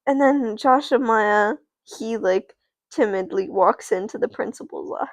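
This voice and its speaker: A woman streamer improvising a doll story who rambles, corrects herself and swears. Her fairly high voice is slow with a gravelly texture. The sound is close and dry. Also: dry recording.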